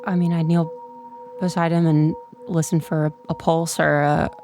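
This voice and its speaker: Female player, affectionate in-character talk, slightly low voice. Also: flat delivery, moderate pace, darkish tone, faint music behind. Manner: tender, affectionate, with light laughs. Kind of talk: in-character tabletop play.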